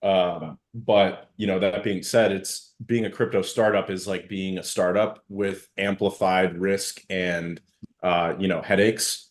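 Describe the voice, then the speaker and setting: A man's voice: low voice, steady tone, unhurried. A man hosting a casual live audio chat and talking at length in loose, meandering explanations as a startup founder.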